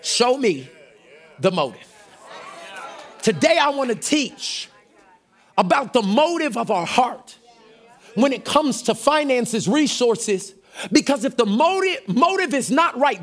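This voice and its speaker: A middle-aged pastor with a very high-pitched voice preaches a sermon energetically. He shouts call-and-response lines to his congregation.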